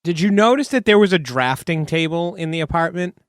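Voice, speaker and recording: Male podcast co-host, curious questioner, slightly high voice, dry mic. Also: expressive, brisk, no room sound. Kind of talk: casual chat.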